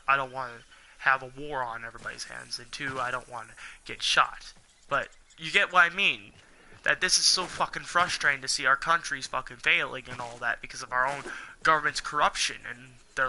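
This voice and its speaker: A man's voice: medium pitch, normal speed, pushed and bright, slight background noise. A young man ranting heatedly to his viewers, swearing a lot and rambling as he vents. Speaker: gaming channel host. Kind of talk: angry ranting monologue.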